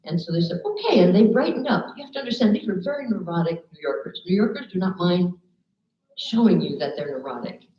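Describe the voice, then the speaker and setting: A woman's voice: fairly low pitch, animated, fast. Wry older woman telling a story in a roomy space. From Los Angeles, USA. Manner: chatty, wry, frequent ums. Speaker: speaker telling a story to a group. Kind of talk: storytelling talk. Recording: roomy and dull-sounding.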